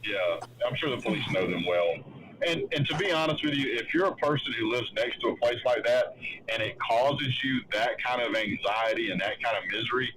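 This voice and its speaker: Halting man telling a story. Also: medium pitch, over a noisy crowd, poor audio. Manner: halting, restarts often, acts out others' lines. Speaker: show host. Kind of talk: casual chat, telling a story.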